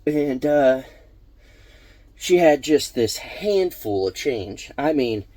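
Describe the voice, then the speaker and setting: A man's voice: mid-range voice, lively intonation, slow pace, a little mellow, no echo. A man casually telling a personal story on his vlog, rambling with many fillers and restarts. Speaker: vlog host.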